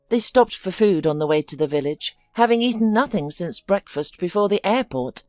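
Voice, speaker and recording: A woman narrating a drama story in a measured, scripted voice-over. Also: mid-range voice, expressive, no room sound. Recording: dry studio voice-over with soft music.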